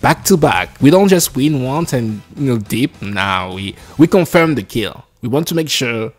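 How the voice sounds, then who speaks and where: A man giving live commentary on his own match, excitable and jumpy, talking to himself as he plays. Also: medium pitch, normal speed, soft background music. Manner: excitable, jumpy, talks to himself while playing. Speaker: gameplay streamer.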